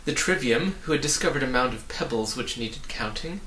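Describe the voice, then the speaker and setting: A man reading a children's book aloud, his narration lively and expressive. His voice is bright and crisp, and the echoey room he records in gives it a noticeable ring. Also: medium pitch, brisk, a little hiss or hum. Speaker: reader. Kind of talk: storybook read-aloud.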